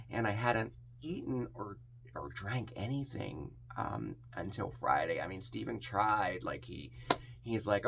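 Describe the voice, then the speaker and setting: A man hosting a personal vlog, talking candidly and haltingly with a hoarse, scratchy voice. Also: lowish voice, fairly bright tone. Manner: candid and halting, with frequent restarts. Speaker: vlog host. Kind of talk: casual personal vlog talk.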